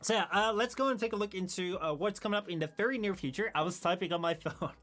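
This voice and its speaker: A man's voice: sits high, quick pace, fairly bright tone, faint music behind. A young man streaming and chatting casually, rambling and laughing often at himself. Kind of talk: casual chat.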